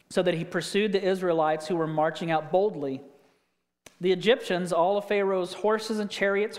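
A man's voice: high-pitched, big-room sound. A man pastor preaching a sermon in a conversational way, reading scripture and telling stories.

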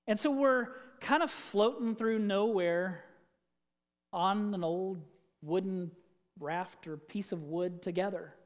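Preacher, conversational sermon, mid-pitched voice, long hall reverb, church sanctuary. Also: takes it slowly. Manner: conversational, asks the congregation questions. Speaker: pastor.

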